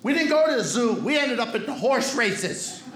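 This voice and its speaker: High, animated Brooklyn comic on stage. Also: male voice, moderate pace. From Brooklyn, New York. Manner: streetwise, punchy, shouting into put-on voices. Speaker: stand-up comedian. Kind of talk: stand-up comedy set. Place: comedy club stage. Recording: roomy live club recording with noise.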